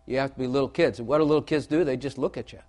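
Man, preacher, sermon, folksy storytelling, repeats lines for emphasis, medium pitch. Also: racing, darkish tone. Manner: folksy storytelling with asides to the audience.

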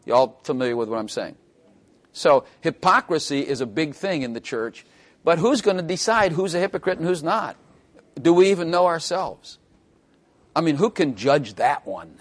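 Wry preacher joking from the pulpit. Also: male voice, a little high, expressive. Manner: wry, joking asides with quick bursts and drawn-out emphasis. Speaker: pastor. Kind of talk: sermon.

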